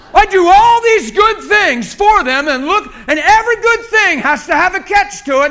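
A man playing an exasperated Jesus, loudly ranting in a raised, strained voice. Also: extremely high pitch, voice pushed up, heavily acted. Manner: shouting, exasperated complaining. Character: fed-up adult male Jesus ranting about ungrateful people.

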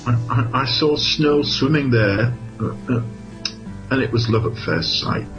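A man's voice: medium pitch, measured pace, lo-fi sound, music in the background, close to an everyday voice. A man playing a lovestruck, bumbling knight who stammers earnestly in a comic amateur pantomime.

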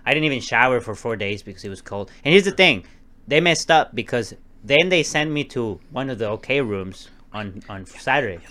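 A man's voice: medium pitch, a little fast. A young man co-hosting a podcast, telling rambling stories in casual chat and swearing now and then. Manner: rambling, animated storytelling with swearing. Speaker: podcast co-host.

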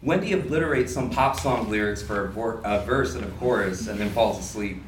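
A man reads a story aloud at a literary event, giving it lively first-person energy. The sound is roomy and a little distant, with faint room ambience behind him. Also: lowish voice, a little fast, slight background noise. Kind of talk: reading prose fiction aloud. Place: live reading event indoors.

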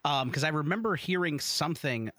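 A man's voice: a little high, lively intonation, brisk, pushed and bright, no room sound, studio quality. A man on a trivia podcast, reasoning through his guesses with lots of fillers. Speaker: trivia contestant.

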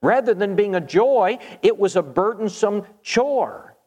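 A man's voice: high voice, animated, a little slow, darkish tone. Earnest male preacher in a reverberant hall. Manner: earnest, emphatic preaching with scripture readings. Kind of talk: sermon.

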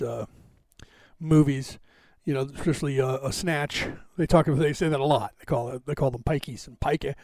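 A man's voice: medium pitch, darkish tone, dry recording. A man hosting a live podcast stream, chatting casually and rambling with many fillers and restarts. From United States. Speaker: podcast host. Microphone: camera on a box, live stream.

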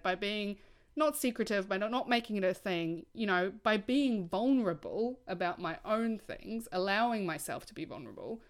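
Candid, earnest young woman chatting. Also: medium pitch. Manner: candid and earnest, often says "like". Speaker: podcast co-host. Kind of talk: casual chat.

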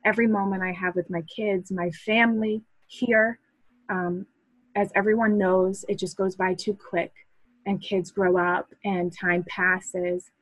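A woman's voice: medium pitch, steady tone, a little slow, no room sound, rough recording. Earnest woman, dry close sound. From Massachusetts, USA. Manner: earnest, reflective, with restarts and soft laughs. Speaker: podcast guest, hobby photographer. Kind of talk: casual interview chat.

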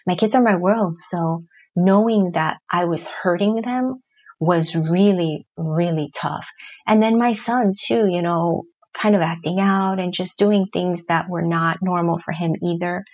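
A middle-aged woman speaks earnestly and reflectively, opening up about her own life as a guest in an interview. Her voice is husky and sits a little low. The recording sounds somewhat dull and lo-fi. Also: a little slow, darkish tone. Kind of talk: personal storytelling in an interview.

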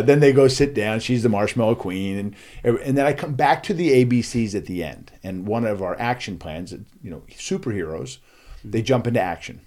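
Man, guest speaker, playful storyteller, very animated pitch, medium-pitched voice. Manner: acts out voices, lively and playful. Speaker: guest, school assembly speaker.

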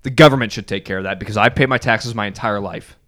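A man co-hosting a casual podcast, telling animated stories with mock outrage. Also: fairly low pitch, fast talker. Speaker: podcast co-host. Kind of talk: casual chat.

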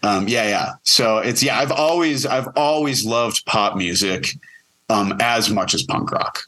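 A man's voice: on the low side, lively intonation, unhurried, sharp tone. A man who co-produces the podcast, joining as its guest for a casual, joking, rambling chat. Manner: rambling, self-correcting, joking.

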